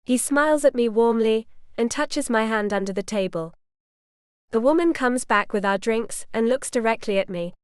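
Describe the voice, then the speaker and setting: A woman narrating a romance audiobook in the first person, with light, steady storytelling. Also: on the high side, normal speed, smooth, no room sound, studio quality.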